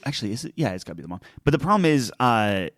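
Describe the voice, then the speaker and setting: A man's voice: medium pitch, big pitch swings, racing, fairly bright tone, no room sound, studio quality. A man co-hosting a podcast in casual chat. He rambles with restarts and acts out quoted lines. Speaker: podcast co-host.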